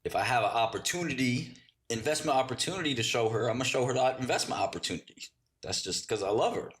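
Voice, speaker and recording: A man's voice: mid-range voice, lively intonation, fast, fairly bright tone. A man hosting a casual livestream, mocking chat with sarcastic riffs and bursts of laughter. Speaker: livestream host.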